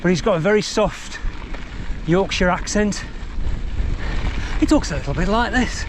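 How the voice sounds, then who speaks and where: A man's voice: sits high, animated, normal speed, pauses often, noisy background. Chatty man on a bike ride. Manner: chatty, meandering, self-deprecating. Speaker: vlogger reviewing a mountain bike. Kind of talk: rambling ride commentary. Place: outdoors on countryside trails.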